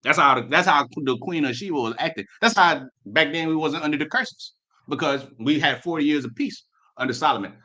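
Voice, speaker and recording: A man's voice: a little high, a little fast, sharp tone. A man, preaching in a slangy, emphatic way and reading scripture aloud with his own commentary. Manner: slangy and emphatic, mixing profanity with King James reading. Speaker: street preacher.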